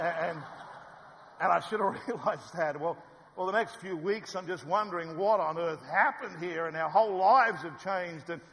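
An older man telling a personal story to an audience, lively and self-mocking, acting out what he said back then. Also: high-pitched. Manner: lively, self-mocking, acts out his own past lines. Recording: reverberant hall.

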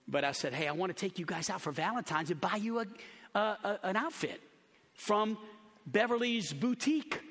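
A man preaching a sermon to his church, telling stories and acting out the voices of the people in them, shouting at the high points. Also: expressive, brisk. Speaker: pastor. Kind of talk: sermon storytelling. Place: large church auditorium. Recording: long hall reverb.

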